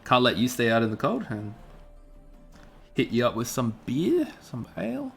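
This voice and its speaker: A man's voice: mid-range voice, huge pitch swings, normal speed, gravelly, soft background music. A man voicing a friendly, easygoing young male farmer who talks in a chatty, hospitable way. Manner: chatty, laid-back, hospitable.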